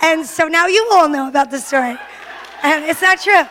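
High-voiced woman telling a story in a hall. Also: normal speed, some chatter behind, a little hiss or hum. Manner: animated, self-mocking storytelling. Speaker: testimony speaker. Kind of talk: storytelling testimony. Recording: long hall reverb.

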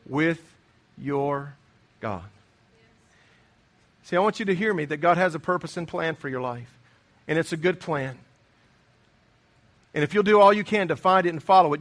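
A man's voice: on the high side, a bit bright. A middle-aged man preaching a sermon, earnest and emphatic, often repeating his key phrases. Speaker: pastor.

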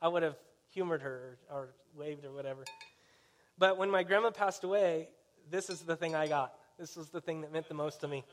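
In a brisk, somewhat high male voice, a pastor preaches through conversational storytelling, frequently turning to his listeners with questions.

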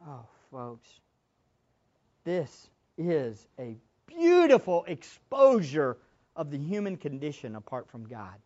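A woman preacher giving an impassioned sermon, moving between loud exclamations and hushed asides. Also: deep voice, very animated, takes it slowly. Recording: dull lo-fi sermon recording.

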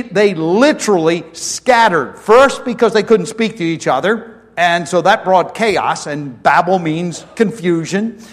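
A middle-aged male pastor preaching a sermon in a church, telling homespun stories and asking the congregation questions. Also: sits high. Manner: folksy storytelling preacher, asks the congregation questions. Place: church sanctuary. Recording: long hall reverb.

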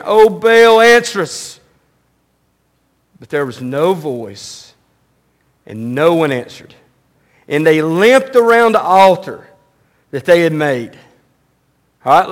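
Guy preaching, pretty high voice, gets loud and animated then drops way down quiet. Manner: animated, rising loud and high when mocking, dropping low and quiet on solemn lines; reads scripture aloud, then explains it conversationally. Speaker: pastor. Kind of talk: sermon.

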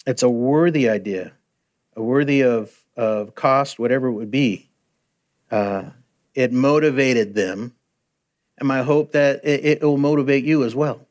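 A man's voice: mid-range voice, moderate pace. A man preaching a sermon in an earnest, conversational way, often stopping to restart a sentence.

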